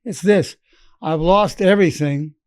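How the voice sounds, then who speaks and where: With a measured pace and a somewhat mellow, high-leaning voice, a psychologist in his eighties teaches by recounting his patients and their words, which he quotes himself. The studio sound is clean and echo-free.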